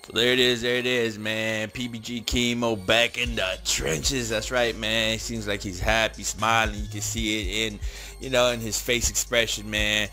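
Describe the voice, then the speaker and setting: A man's voice: on the low side, flat delivery, normal speed, pushed and bright, soft background music. A man hosting an online video channel, giving hyped casual commentary and tagging nearly every line with "man". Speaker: channel host.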